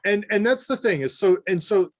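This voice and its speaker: A man's voice: high voice, lively intonation, moderate pace. A man co-hosting a podcast in casual chat, rambling eagerly with many restarts. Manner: rambling, restarts, enthusiastic storyteller. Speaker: podcast co-host.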